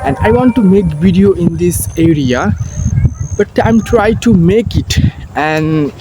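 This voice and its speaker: A young man with a Bangladeshi accent speaks earnest, halting English, restarting his sentences as he walks past paddy fields. His voice sits fairly high. He records on a phone on a selfie stick, and clear outdoor noise is heard behind him. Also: expressive. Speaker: vlogger practicing English. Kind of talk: casual walking vlog.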